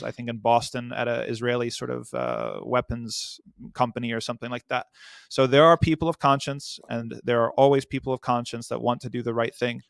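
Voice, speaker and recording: Man on a podcast, gravelly but smooth, pretty flat, talking in earnest. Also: mid-range voice, dry recording, clean studio sound. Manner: earnest, measured, with fillers. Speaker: guest. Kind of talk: podcast interview answer.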